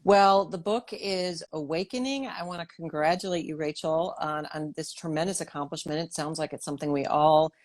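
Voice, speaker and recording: A woman's voice: sits low, moderate pace, hardly any pauses, darkish tone. A woman hosting a political interview, talking thoughtfully with many restarts. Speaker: host. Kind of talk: interview talk.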